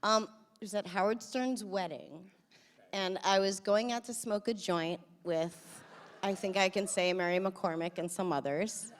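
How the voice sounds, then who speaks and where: A woman's voice: medium pitch, fairly even intonation, measured pace, long reverb tail. A woman chatting on stage with wry, offhand humor. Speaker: interviewer. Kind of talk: onstage conversation.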